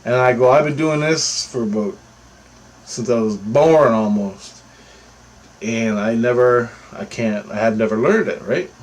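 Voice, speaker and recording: A man telling a personal story in a rambling, casual way, getting animated when he quotes what others said. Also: medium pitch, unhurried, rough recording.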